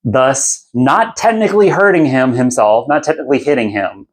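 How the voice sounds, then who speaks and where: A man's voice: medium pitch, expressive, moderate pace. A young man hosting a podcast, casually retelling a fantasy book in a loose, irreverent, rambling way. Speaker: podcast host.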